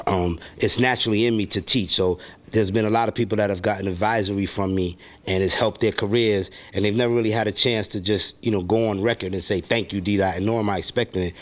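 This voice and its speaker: A middle-aged man with a New York accent talks easily in a low voice. He sounds laid-back and loose, dropping casual fillers as he goes. He talks like an interview guest. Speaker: music producer, guest.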